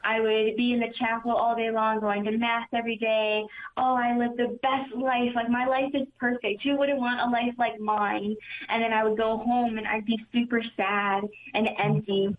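A young woman giving an earnest personal faith testimony, talking quickly and often saying "super" and "like". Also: a little high, flat delivery. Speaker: community member giving testimony. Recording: tinny phone-like sound.

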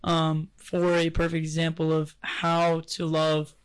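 A man on a casual faith podcast, speaking in a measured, earnest way. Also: a little high, completely flat delivery, clean tone.

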